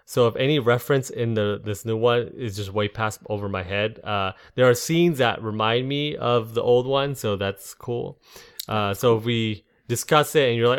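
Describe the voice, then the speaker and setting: A man's voice: lowish voice, moderate pace, a bit bright, smooth. Rambling man chatting about a movie. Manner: rambling, stumbles on names, laughs at own jokes. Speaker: podcast co-host. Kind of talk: casual movie review chat.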